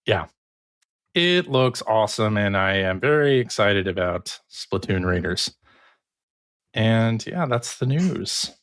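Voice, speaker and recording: A man co-hosting a podcast and presenting the news in a relaxed, hesitant way with frequent fillers. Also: fairly low pitch, slow, no room sound, studio quality. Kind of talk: casual chat.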